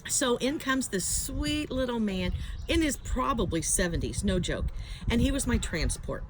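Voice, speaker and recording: A woman's voice: on the high side, animated, moderate pace, noisy background. A woman telling a chatty, self-mocking story to camera, filmed outdoors on a handheld phone. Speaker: vlogger. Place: outdoors at home, letting dogs out. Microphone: handheld phone, no tripod.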